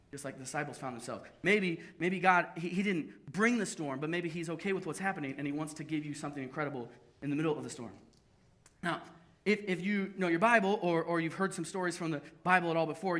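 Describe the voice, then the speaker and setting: A young adult man preaching a sermon at a church service, telling stories lively with self-deprecating humor. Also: on the high side. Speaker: pastor.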